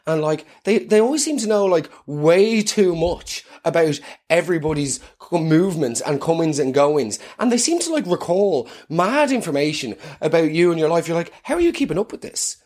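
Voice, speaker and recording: Irish young man, comic stream, lively swooping delivery, sweary. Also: fairly high pitch, moderate pace, hardly any pauses. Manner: animated, swearing, rambling with laughs. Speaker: comedian. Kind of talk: comic live-stream monologue.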